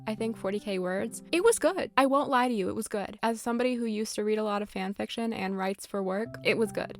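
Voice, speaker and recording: Gravelly sarcastic woman gamer. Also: mid-range voice. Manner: sarcastic, profane, rambling. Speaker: gaming YouTuber. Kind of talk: casual gameplay commentary. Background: faint game music.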